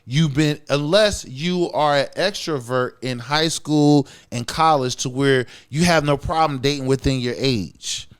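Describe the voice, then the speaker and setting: A man's voice: on the high side, unhurried, hardly any pauses, smooth. A man co-hosting a podcast, talking casually in a blunt, profane, emphatic way, often checking in with "you feel what I'm saying". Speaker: podcast co-host.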